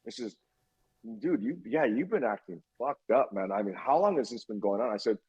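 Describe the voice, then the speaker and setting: This podcast guest, a man in his fifties, speaks at medium pitch and normal speed with a breathy edge, captured on a low-quality recording. His storytelling is animated, full of acted-out dialogue and frequent profanity.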